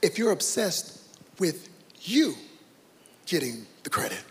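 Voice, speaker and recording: Animated preacher in a reverberant hall. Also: male voice, on the high side, slow. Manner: dramatic, swings from hushed to shouting. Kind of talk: sermon. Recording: reverberant hall with faint ambience.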